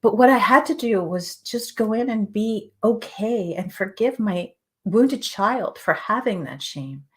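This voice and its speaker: A woman hosting a show, speaking earnestly and emphatically in a motivational spiritual talk, repeating phrases and sometimes dropping to a soft whisper. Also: mid-range voice, lively intonation, a little slow. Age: adult with children.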